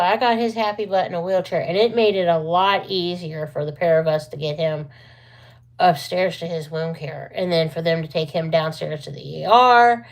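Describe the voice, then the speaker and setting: Casting: woman vlogger, lowish voice, rambling chatty storyteller, lots of asides. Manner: rambling, chatty, full of asides and self-corrections. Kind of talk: casual storytelling to camera.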